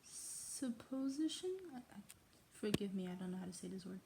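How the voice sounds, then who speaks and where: A woman's voice: mid-range voice, animated, normal speed, vocal fry, mellow, slight background noise. A woman reading a novel aloud in a put-on English accent, often stumbling over words and breaking off for self-mocking asides. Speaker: reader. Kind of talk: casual read-aloud of a novel.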